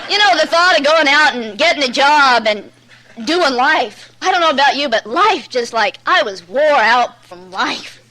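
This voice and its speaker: Blunt, bright-voiced woman telling her story. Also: high voice, expressive, unhurried, rough recording. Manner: candid, rambling storyteller, many "you know"s; plain-spoken and blunt. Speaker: recovery meeting speaker. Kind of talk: personal testimony at a recovery meeting.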